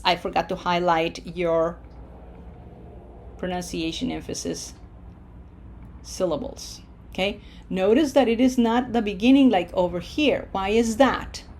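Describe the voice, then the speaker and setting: Slow-speaking woman teaching Spanish. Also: on the low side, steady tone, slight background noise. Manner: slow, deliberate, drawls out Spanish models loudly for repetition, checks in with "okay?". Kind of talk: slide-based language lesson.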